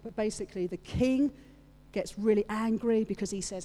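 A woman's voice: on the high side, normal speed. Woman preaching in a big hall. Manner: lively storyteller, playful asides. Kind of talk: sermon retelling a story to a congregation. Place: church hall with audience. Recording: long reverb of a large hall.

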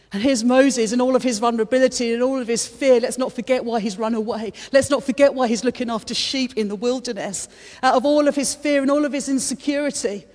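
A woman's voice: fairly high pitch, a little mellow. A woman preaching a sermon in church, fervent and repeating her phrases as she builds.

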